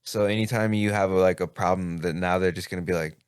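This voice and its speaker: A man's voice: low voice, steady tone, brisk, clear, resonant tone, no room sound, clean studio sound. A young man guesting on a podcast, laid-back and offhand in casual chat.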